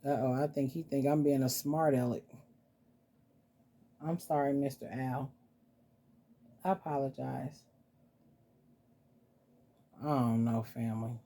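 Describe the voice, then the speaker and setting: A woman hosting a casual vlog, talking softly and playfully to her dolls as if they were children. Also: very deep voice, steady tone, slow pace, long pauses. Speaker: doll collector vlogger. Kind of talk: casual doll-play vlog.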